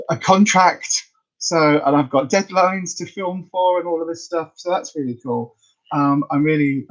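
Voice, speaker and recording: A woman's voice: deep voice, a little mellow. Woman rambling on her livestream, lots of ums, muffled lo-fi sound. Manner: chatty and rambling, with frequent ums and restarts. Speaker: weight-loss vlogger and livestream host. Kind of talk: casual livestream chat.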